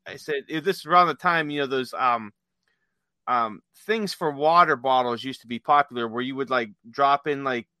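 A man's voice: medium pitch, normal speed, pushed and bright, dry recording. A man telling prank stories in casual chat, rambling with many fillers and restarts. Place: workplace with dispatchers.

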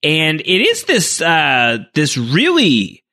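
Enthusiastic rambling man, bright voice. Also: a little high, huge pitch swings, slow pace. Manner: rambling, enthusiastic, many fillers. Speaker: podcast co-host. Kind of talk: casual chat.

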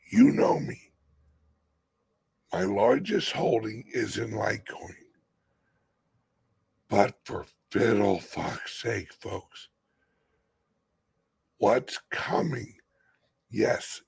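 A man hosting a crypto channel in an impassioned vlog rant. He talks urgently, drops to hushed whispers, rises to shouts, and swears freely for emphasis. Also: on the low side, animated, very slow, gravelly, long pauses, slightly rough.

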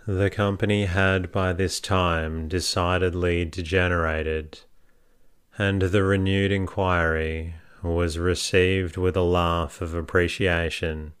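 Calm guy reading a bedtime sleep story, real low n slow. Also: smooth. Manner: calm, soothing. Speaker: narrator.

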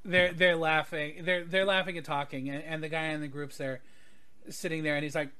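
A man's voice: a little high, level tone, brisk, bright, forceful tone, clean tone. A man narrating a tabletop game as game master, with rambling, hesitant delivery and plenty of fillers.

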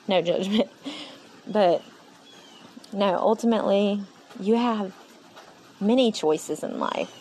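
A woman hosting a solo faith-driven motivational podcast, speaking in an animated, rambling, preachy way. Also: medium pitch, slow, long pauses, a little hiss or hum, rough recording. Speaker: podcast host. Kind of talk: solo inspirational podcast monologue.

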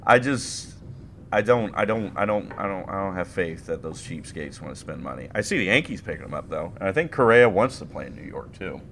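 A man's voice: sits low, expressive, fairly quick, vocal fry, fairly bright tone, slight background noise. A man co-hosting a casual sports podcast, joking and swearing through the banter. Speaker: podcast co-host.

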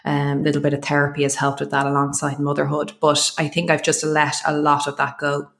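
A woman's voice: deep voice, completely flat delivery, a little fast, a bit bright. An Irish woman from Dublin, a podcast guest talking in an earnest, reflective way in long flowing sentences. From Dublin, Ireland. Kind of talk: casual conversation.

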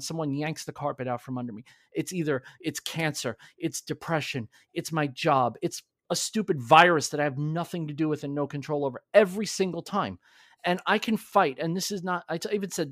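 A man's voice: on the high side, fairly bright tone, no room sound. Earnest man, dry close sound. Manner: earnest, halting with restarts. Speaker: podcast guest. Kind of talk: candid conversational storytelling.

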